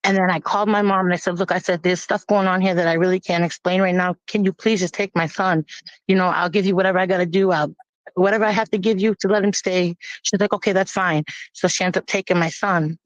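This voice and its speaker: A woman giving a personal testimony in a plain-spoken, halting, grave way. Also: fairly low pitch, fairly even intonation, dry recording. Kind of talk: personal testimony, casual storytelling. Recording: dull lo-fi, dry.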